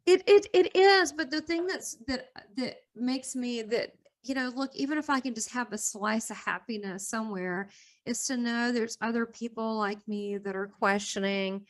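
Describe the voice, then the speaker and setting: A woman's voice: on the high side, fairly even intonation, moderate pace. Middle-aged woman telling her story candidly. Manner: rambling, restarts often, laughs between thoughts. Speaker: interview guest.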